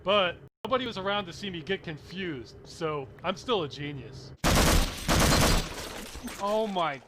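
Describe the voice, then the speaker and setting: A man giving sarcastic let's play commentary, with deadpan asides that burst into yelling. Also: sits high, unhurried, a little hiss or hum. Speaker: gamer. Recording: game gunfire behind voice.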